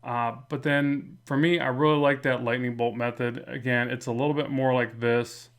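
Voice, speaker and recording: Relaxed man with a slight lisp, gravelly. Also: medium pitch, normal speed. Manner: relaxed, rambling, many fillers and restarts. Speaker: comic art instructor. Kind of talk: casual drawing tutorial narration.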